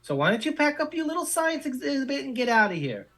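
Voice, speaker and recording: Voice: sits high, big pitch swings, fast talker, fairly bright tone, voice pushed up, heavily acted. A game master voicing an irritable, bossy male school official who threatens and blusters. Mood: blustering.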